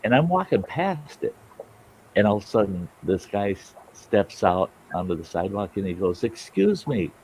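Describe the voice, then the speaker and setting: A man's voice: lowish voice, moderate pace, darkish tone, a little hiss or hum, poor audio. A middle-aged man hosting a storytelling show, telling a story in a rambling, folksy way with plenty of cussing. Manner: folksy, rambling, salty-tongued. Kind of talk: casual spoken storytelling.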